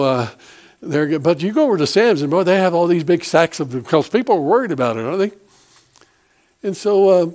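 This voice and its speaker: A man's voice: a little high, darkish tone. A man preaching a sermon in a folksy, rambling way with many fillers and restarts.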